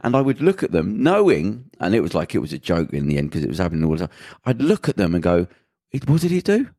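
A man's voice: sits low, fast talker, dry recording, studio quality. A man hosting a podcast, telling a long anecdote in casual conversation and acting out what people said. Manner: animated anecdote-telling, acting out quoted lines. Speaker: podcast host.

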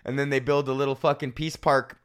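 Male comedian podcaster, casual rant, swears a lot, laughs often, mid pitch. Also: level tone, fairly quick, smooth. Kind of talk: casual profane storytelling rant.

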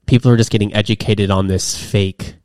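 A man's voice: on the low side, flat delivery, brisk, darkish tone, no echo, studio quality. A young man co-hosting a podcast, talking casually in a rambling way with many restarts. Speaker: podcast co-host. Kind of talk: casual chat.

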